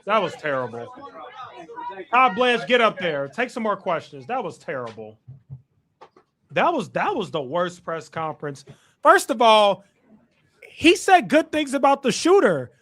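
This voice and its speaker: A man's voice: high voice, very animated, unhurried, pauses often, bright, forceful tone. A man hosting a live stream, ranting in exasperated casual reaction commentary and swearing freely.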